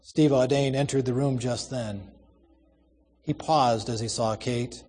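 A man narrating a story dramatically, in a measured, expressive way. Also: medium pitch, big-room sound.

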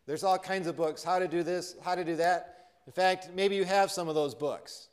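A man's voice: high-pitched, normal speed, clear, resonant tone. An American man preaching a sermon as pastor, earnest and building on repeated refrains.

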